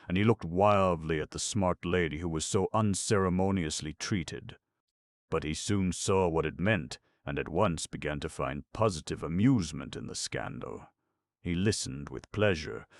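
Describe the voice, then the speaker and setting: A man narrating a classic novel as an audiobook in a measured storytelling voice. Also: a bass voice, dry recording, clean studio sound.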